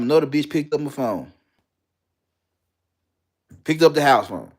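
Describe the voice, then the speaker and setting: A man's voice: on the high side, big pitch swings, moderate pace, pauses often, darkish tone. A young man, telling a candid personal story bluntly and with lots of profanity, repeating lines for emphasis.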